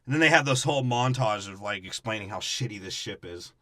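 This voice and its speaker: A man's voice: on the low side, animated, a little fast, a bit bright, dry recording. A man co-hosting a podcast, riffing on a movie plot in crude, profane casual chat. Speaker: podcast co-host.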